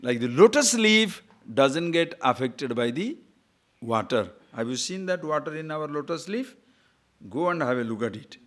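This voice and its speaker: A man giving a spiritual discourse, telling jokes with animated, emphatic questions and reciting Sanskrit verses. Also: a little high, moderate pace. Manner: animated storytelling, laughs at own jokes, rising emphatic questions. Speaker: spiritual teacher.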